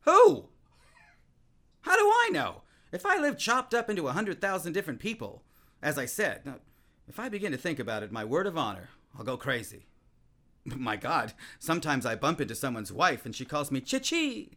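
A man plays a restless, voluble man-about-town in a stage play. His voice sits a little high, and he talks in a bright, ringing tone. He trips over his own words as his lines swoop up and down. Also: fairly quick. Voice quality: voluble and excitable, with frequent restarts. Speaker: actor in a play. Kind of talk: theatrical stage-play acting.

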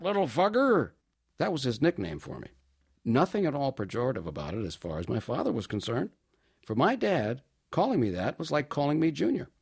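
A man performing a comic storytelling monologue in an animated, wry, mock-grand way. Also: mid-range voice, breathy edge.

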